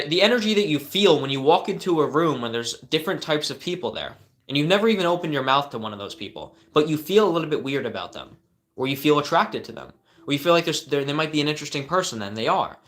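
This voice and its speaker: A man's voice: a little high, fairly bright tone. A young man hosting a live stream, answering viewer questions with earnest coaching advice and frequent fillers and restarts.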